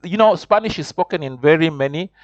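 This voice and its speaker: A man teaching a beginner language lesson, who halts and restarts often, checks in with "huh?" and slowly models phrases for learners to repeat. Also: a little high, no room sound. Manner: halting, with many restarts and repeated words. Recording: dull, lo-fi dry recording.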